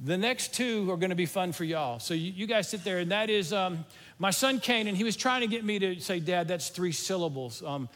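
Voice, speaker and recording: Man, middle-aged, high voice, folksy sermon, long reverb of a hall. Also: a bit bright. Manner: folksy, self-deprecating, conversational. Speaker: church teacher.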